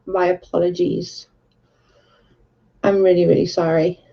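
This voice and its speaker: A woman chatting on a livestream and answering viewer comments, blunt and a little sweary. Her voice is mellow and gravelly with plenty of fry. The sound is dull and lo-fi. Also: lowish voice, level tone, unhurried. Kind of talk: casual chat. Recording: dull lo-fi recording.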